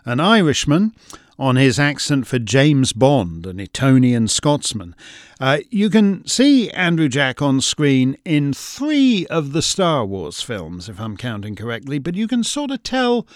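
Emphatic man with a lively, dry voice. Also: medium pitch, no room sound. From Canada. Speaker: commentary host. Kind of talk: scripted commentary.

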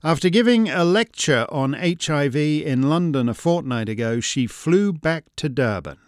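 A male host delivers scripted commentary with a wry, expressive touch. His pitch moves a great deal, rising and dipping through each sentence. The recording is dry and close, with no room sound. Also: normal speed, no echo.

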